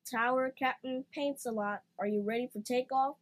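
A woman's voice: high-pitched, steady tone, moderate pace, close to an everyday voice. A woman voicing a playful talking crutch that speaks like an air traffic controller. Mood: officious. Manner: clipped, official-sounding.

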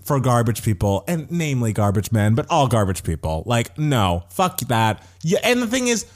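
A man's voice: medium pitch, sing-song, moderate pace, darkish tone. A man in casual chat, gossiping animatedly and swearing, mimicking people as he retells.

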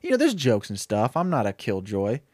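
A young man casually pitching a comedic story, rambling and acting out the characters' lines. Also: huge pitch swings, a little fast, a little mellow, no echo, studio quality.

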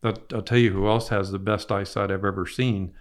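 A man's voice: lowish voice, steady tone, brisk. An older man telling rambling fishing stories in a casual interview, repeating his words as he goes. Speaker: fishing guide guest.

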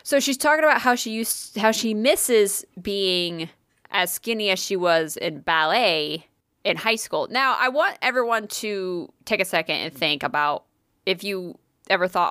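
A young woman co-hosting a casual chat, telling an animated story full of swearing and "like". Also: mid-range voice, a little slow, no echo, clean studio sound. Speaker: podcast co-host.

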